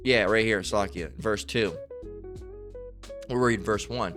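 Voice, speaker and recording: A man's voice: on the low side, unhurried, fairly bright tone, soft background music. A man preaching a fiery, profane sermon, reading scripture aloud and often breaking off with "all right?" asides. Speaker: street-style preacher.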